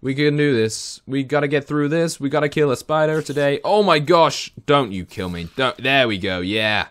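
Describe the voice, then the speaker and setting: A young man giving excitable gameplay commentary, chatting to the creatures on screen and to his viewers. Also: medium pitch, normal speed. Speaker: gaming video host.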